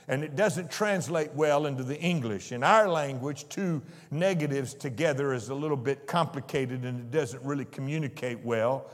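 A man preaching a sermon with slow, emphatic delivery that builds in intensity. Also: a little high, in a large hall.

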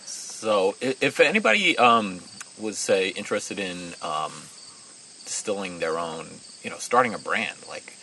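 A man interviewing a guest in a relaxed, enthusiastic way, quick to laugh. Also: lowish voice, slight background noise, poor audio. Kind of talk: casual interview.

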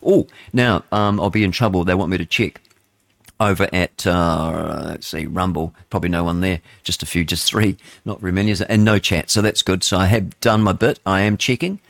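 A man's voice: low-pitched, steady tone, fairly quick, gravelly, no room sound, clean studio sound. A man with a New Zealand accent hosting live talk radio, rambling and opinionated, with plenty of fillers and chuckles. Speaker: radio talk show host. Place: radio studio.

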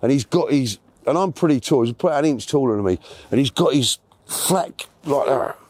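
Guy rambling through an old story, chatty, keeps correcting himself, soft mellow voice. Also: medium pitch, animated, brisk, dry recording. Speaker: interview guest. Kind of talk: casual storytelling.

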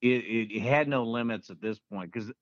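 A man, a guest on a podcast, recounting his experiences in a halting, conversational way. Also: mid-range voice, dry recording. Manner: halting, restarts often, conversational. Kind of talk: casual storytelling. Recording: dull, dry podcast audio.

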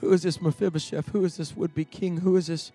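Man, pastor, high voice, storytelling sermon, hushed to shouting, faint music behind. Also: steady tone, fairly quick. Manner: repeats words as he builds.

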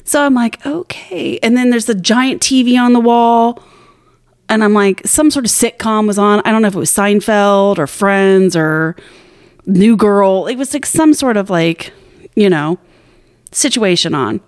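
A woman co-hosts a casual podcast and tells a long story in a rambling, self-mocking way, with plenty of swearing. Her voice sits in a middle pitch. It is recorded close and dry, with almost no room sound. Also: a little slow, clear, resonant tone, dry recording. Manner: rambling, profane, self-deprecating. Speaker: podcast co-host.

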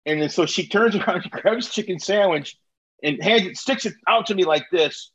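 A man with a notably high voice spins a profane, animated story in a casual chat. He swears freely and laughs partway through lines. The sound is slightly muffled. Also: moderate pace, slightly rough.

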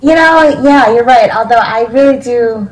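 Soft-spoken woman with a Chicago accent. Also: fairly high pitch, moderate pace, rough recording. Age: adult with a child. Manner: soft, gentle and intimate way of speaking. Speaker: caller. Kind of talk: casual call-in chat.

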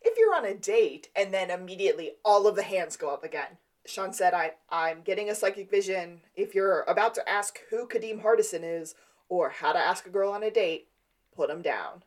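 A woman's voice: medium pitch, lively intonation, normal speed. Woman on a podcast recapping a tv episode, easygoing chat, does little voices for the characters. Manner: retells scenes, acting out quoted lines. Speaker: podcast co-host.

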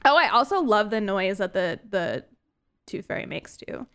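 A woman's voice: mid-range voice, sing-song, moderate pace, a crowd in the background. A woman co-hosting a podcast, reviewing a horror movie in casual chat, with lots of fillers and giggles. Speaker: podcast co-host.

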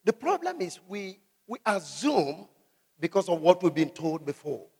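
A man preaching a sermon, asking the congregation questions and shouting out scripture. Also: high voice, sing-song, measured pace, husky, big-room sound. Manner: emphatic call-and-response preaching, shouting scripture.

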